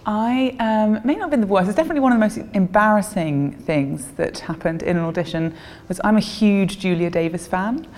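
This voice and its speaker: A woman's voice: fairly low pitch, darkish tone, big-room sound. A woman telling an embarrassing story with giggles and self-mockery. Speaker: storyteller guest. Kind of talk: pre-recorded comic anecdote.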